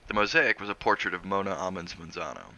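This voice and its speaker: A man reading a novel aloud in steady, measured narration. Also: deep voice. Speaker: reader of a novel on a stream.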